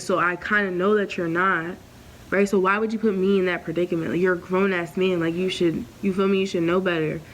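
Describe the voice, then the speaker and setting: A young woman vlogger recounting a personal story in a candid, animated storytime vlog, full of slang and profanity, who jumps into higher voices when she quotes people. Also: slight background noise, rough recording. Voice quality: acts out quoted voices in raised pitch.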